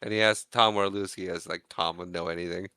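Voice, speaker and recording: A man's voice: deep voice, fairly even intonation, a little fast, sharp tone, clean tone, dry recording. A man co-hosting a podcast, casually recapping a movie scene by scene and acting out the characters' lines in exaggerated voices. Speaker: podcast co-host.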